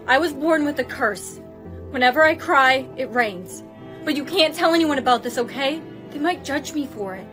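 High synthetic female voice, storytime dialogue, faint music bed. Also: expressive, moderate pace. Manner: synthetic, evenly paced computer voice. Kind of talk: text-to-speech storytime dialogue.

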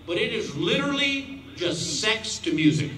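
A man in his fifties telling a stand-up story on stage, animated and acting out voices as he laughs along. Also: high voice. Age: 50s. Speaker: stand-up comedian. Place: outdoor stadium show. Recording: echoey stadium sound from far off. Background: crowd laughter and ambience.

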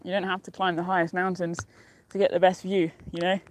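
A woman's voice: lowish voice, level tone, fairly quick, darkish tone. A young woman vlogging live from a mountain top, chatting casually and cheerfully, rambling and laughing often. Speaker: outdoor vlogger. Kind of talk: casual live-stream chat.

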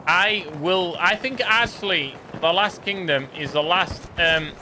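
A man commentating over his gameplay in loose, rambling chat. His voice is bright and slightly high, and he drifts into quiet mumbles. There is faint noise behind him. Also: measured pace. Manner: rambling, joking, trails off into mumbles. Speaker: gaming streamer.

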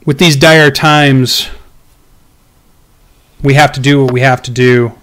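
A man's voice: mid-range voice, steady tone, slow, fairly bright tone. A man voicing a stern female dwarf who leads a strike group and speaks bluntly.

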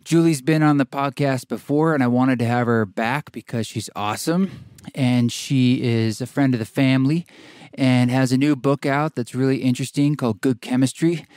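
A man from Oregon hosting a podcast, talking in a relaxed, rambling way with fillers, a bit out of breath. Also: mid-range voice, moderate pace, no echo, studio quality. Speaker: podcast host. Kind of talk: casual podcast intro and interview. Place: tiny house studio.

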